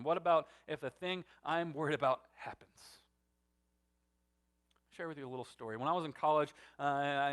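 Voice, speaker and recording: Guy pastor in his 30s preaching, kinda high voice, gets loud then drops real quiet. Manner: storytelling, swings from loud emphatic to hushed and soft. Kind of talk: sermon.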